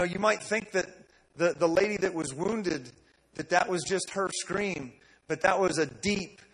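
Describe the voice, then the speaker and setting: A man preaching a sermon, telling a story with energy, repeating words and rising to loud declarations. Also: high-pitched, breathy edge, low-quality recording. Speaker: pastor. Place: church service.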